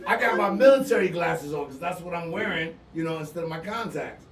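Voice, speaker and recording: A middle-aged man with an East Coast US accent, telling a rowdy story in loud, animated, profane bursts on a podcast. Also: high-pitched, unhurried, far from the mic, a crowd in the background. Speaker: podcast co-host. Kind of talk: casual storytelling. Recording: roomy sound from off-mic.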